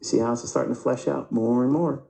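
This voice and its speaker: A man with a mellow, low-brightness voice gives a live trading lesson over price charts. He asks himself questions and answers them, and often stumbles over repeated words. The sound is roomy and echoing. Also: fairly even intonation, fairly quick, creaky. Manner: repeats words, restarts mid-sentence. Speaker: trading instructor.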